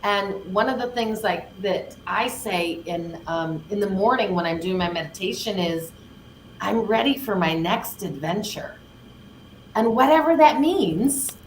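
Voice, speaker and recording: An older woman, a grandmother, co-hosting a live card reading, speaking casually and gushingly and stretching words for emphasis. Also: medium pitch. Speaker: card reader co-host. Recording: roomy, faint background noise.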